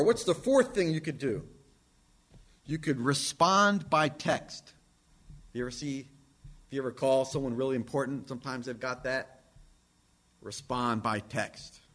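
A man preaching a sermon from the pulpit, emphatic, swinging from loud declarations to hushed asides. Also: high voice. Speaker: pastor.

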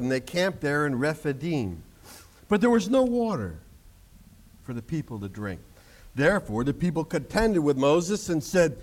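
A man. He is animated and playful, cracking jokes and acting out the people in the scripture as he teaches. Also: on the high side. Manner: animated preaching with jokes and acted-out quotes. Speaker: pastor. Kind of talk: sermon.

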